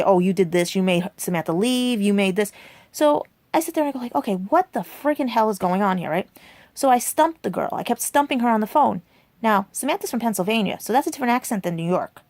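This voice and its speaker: A woman's voice: medium pitch, dry recording. A woman in her forties telling a rambling personal story to her viewers, chatty and full of asides like "right?" and "and everything". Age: 40s. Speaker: vlogger.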